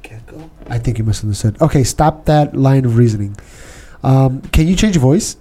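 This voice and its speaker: Mellow-voiced man hosting a podcast. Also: mid-range voice, lively intonation, fairly quick. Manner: playful, testing, laughs often. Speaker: podcast host. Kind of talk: casual podcast chat.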